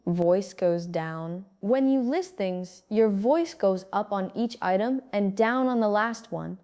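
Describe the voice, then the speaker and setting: A woman giving a calm, scripted English-speaking lesson, pronouncing each word clearly and steadily. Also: mid-range voice, takes it slowly, few pauses. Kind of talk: scripted instructional narration.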